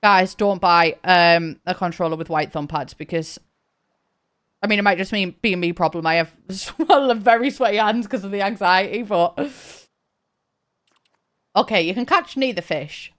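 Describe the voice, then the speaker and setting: A young woman chatting and laughing while she streams a game, talking in halting bursts with frequent restarts. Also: medium pitch, fairly bright tone. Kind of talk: casual live-stream chat while gaming.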